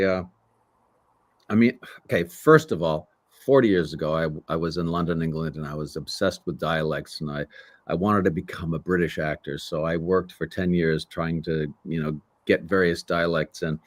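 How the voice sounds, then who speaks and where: A man's voice: low voice, moderate pace, no room sound. A man in his sixties, a voice actor, telling stories in a casual interview and acting out the voices of people in them. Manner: animated storyteller who acts out voices. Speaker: voice actor guest.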